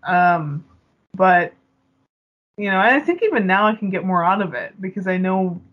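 A woman's voice: fairly low pitch, animated, moderate pace, muffled recording. A woman co-hosting a podcast, chatting casually about a film with lots of fillers. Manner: chatty, laughs often, many fillers. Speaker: podcast co-host.

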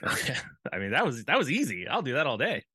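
A man co-hosting a casual podcast, playful and chatty, with rambling asides and loud laughter. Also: mid-range voice, wildly swooping pitch, fast talker, breathy edge, no room sound. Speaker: podcast co-host. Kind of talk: casual chat.

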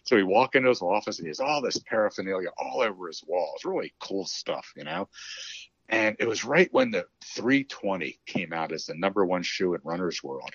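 Animated middle-aged man telling a story. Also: low voice, brisk, vocal fry, breathy edge, dry recording. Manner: animated, acts out quoted dialogue, chuckles. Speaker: guest telling a business story. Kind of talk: casual storytelling interview. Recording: dull lo-fi dry sound.

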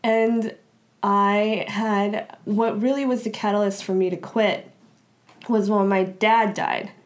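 A woman's voice: medium pitch, fairly even intonation, slow pace. Chatty woman telling a personal story. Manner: chatty, frequent "like" fillers and restarts. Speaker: interview guest. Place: Los Angeles area.

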